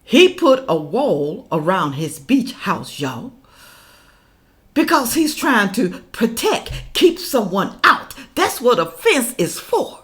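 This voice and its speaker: Slow, animated woman ranting. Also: a little high. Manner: preachy, scolding, addresses viewers as y'all and people; swings between loud outbursts and hushed asides. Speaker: political commentary vlogger. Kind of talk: casual reaction vlog rant.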